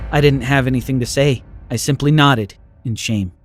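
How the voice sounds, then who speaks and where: A man narrating an animated first-person story in an emotional, expressive way. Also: medium pitch, normal speed, hardly any pauses, dry recording, soft background music.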